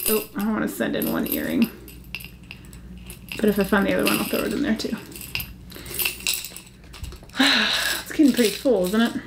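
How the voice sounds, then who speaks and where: A woman hosting a casual jewelry vlog, chatty and easily excited, gasping over pieces she finds. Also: mid-range voice, moderate pace, creaky, pauses often, background noise. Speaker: jewelry channel host.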